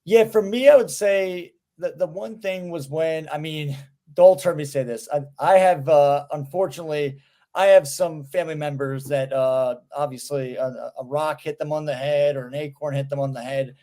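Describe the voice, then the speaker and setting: A man co-hosting a casual sports podcast, telling a rambling, animated story. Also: on the high side, moderate pace. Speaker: podcast co-host.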